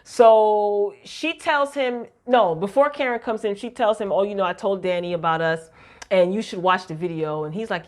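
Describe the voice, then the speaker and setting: A woman, casually recapping a TV drama episode in a chatty, animated way with slang. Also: lowish voice, moderate pace. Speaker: recap vlogger.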